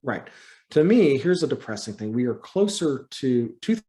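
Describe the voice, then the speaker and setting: A man's voice: medium pitch, big pitch swings, normal speed, dark tone. A man guesting on a movie review chat, talking casually and animatedly, laughing often and ranting in exasperation.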